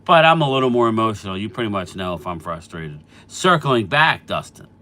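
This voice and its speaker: A man's voice: on the low side, very animated, a little fast, sharp tone. A middle-aged man casually hosting a live stream, chatting about football and answering viewers by name, a bit stuffy from allergies. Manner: chatty, reads out viewer names and replies. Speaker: sports channel host answering live chat.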